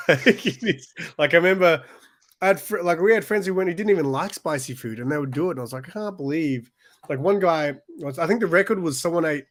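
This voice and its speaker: Rambling man, casual chat. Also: on the high side. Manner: rambling storyteller with many restarts and fillers. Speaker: podcast co-host.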